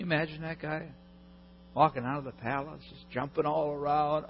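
A man's voice: fairly high pitch, fairly even intonation, normal speed, creaky, slight background noise. A man preaching a sermon in a conversational way, putting questions to the congregation. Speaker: pastor. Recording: echoey hall, dull lo-fi sound.

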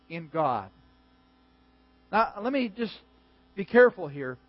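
A man preaching a sermon as a pastor, animated and emphatic with joking asides. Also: sits high, no room sound. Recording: dull, dry recording.

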